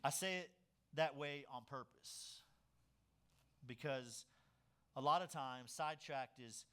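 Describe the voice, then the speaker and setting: Bright, animated preaching man. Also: mid-range voice, slow pace, clear, resonant tone. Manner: animated storytelling, swings between loud emphasis and quiet asides. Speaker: pastor. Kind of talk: sermon.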